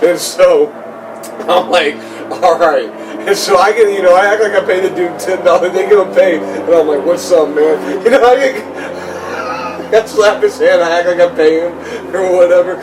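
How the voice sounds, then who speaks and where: Young guy rambling through a funny ghost story, kinda high voice, mic a bit far. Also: moderate pace. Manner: rambling, lots of "like". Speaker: podcast host. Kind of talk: casual comedic storytelling. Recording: slightly distant mic, faint noise.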